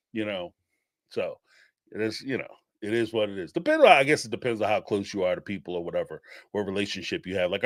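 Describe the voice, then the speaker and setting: A man's voice: on the high side, no echo, studio quality. A man hosting a casual live-streamed reality TV recap, rambling and chatty with lots of fillers and laughter.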